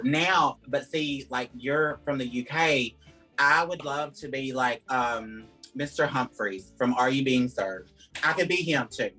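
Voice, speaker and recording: A man from Georgia, USA, with a Southern accent and a mid-range voice that is bright and forceful with a breathy edge. He's an interview guest in a casual chat, rambling chattily through his answers with lots of "like" and "um." The recording is rough.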